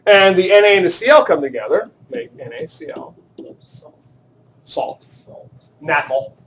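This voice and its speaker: A man's voice: high-pitched, animated, a little slow, noisy background. A male chemistry teacher lecturing a class in a classroom, joking and quizzing students as he works through problems. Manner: joking, self-deprecating, asks the class questions.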